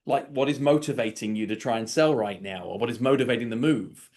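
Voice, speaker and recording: A man teaching an online coaching session, talking at an even middle pitch. He acts out little scripted exchanges as he goes, and his voice comes over a video-call microphone. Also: a little fast. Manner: animated, acts out sample dialogues. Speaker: sales coach.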